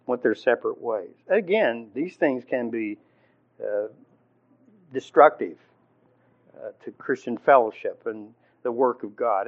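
A male Bible teacher preaches in a loose, conversational way, stopping and restarting with plenty of fillers and frequent throat clearing. His voice sits in an ordinary middle pitch. The recording sounds muffled and lo-fi. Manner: informal, halting, many fillers and restarts. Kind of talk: conversational sermon. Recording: dull lo-fi recording.

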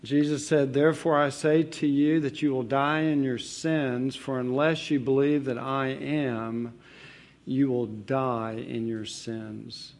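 A man's voice: medium pitch, level tone, slow pace, a little mellow. A man preaching a sermon as pastor, reading verses aloud and stressing key words. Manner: emphatic, reads scripture aloud.

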